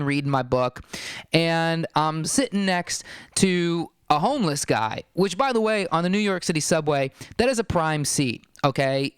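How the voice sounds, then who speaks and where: A man's voice: a little high, clean tone, no echo, studio quality. A young adult man hosting a podcast, telling a casual story in a wry, rambling way, full of "you know". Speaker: podcast host.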